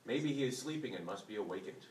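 A man's voice: on the low side, animated, fast, a little mellow, a little hiss or hum. A man in a study group reading scripture aloud. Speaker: class member reading aloud. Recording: roomy, far from the mic.

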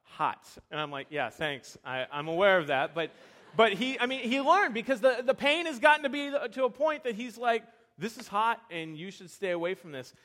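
A young man preaching a sermon, telling animated, self-deprecating stories with frequent restarts. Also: very high voice, brisk. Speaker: pastor.

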